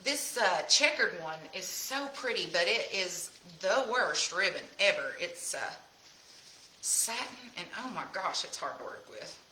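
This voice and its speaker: A woman's voice: on the low side, sing-song, measured pace, pushed and bright, a little hiss or hum. A woman from Tennessee with a Southern hill-country accent, hosting a casual live craft demonstration and chatting folksily with viewers. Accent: Southern US, Tennessee hills. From Tennessee, USA. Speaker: craft host. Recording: roomy echo.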